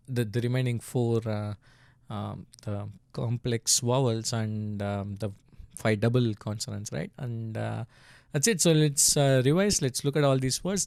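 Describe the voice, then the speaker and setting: A man walks through a screen tutorial in a relaxed, unscripted way. He talks slowly, restarts his sentences, leans on ums and uhs, and chuckles from time to time. The sound is close and dry with no room around it. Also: medium pitch, vocal fry, smooth, no room sound. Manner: halting, many fillers and restarts, chuckles often. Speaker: language tutor.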